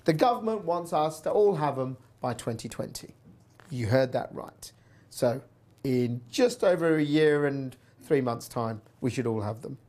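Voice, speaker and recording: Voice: mid-range voice, expressive, measured pace, a little mellow. A presenter telling a personal story in a chatty, wry way while hosting a news show. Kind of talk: casual news commentary.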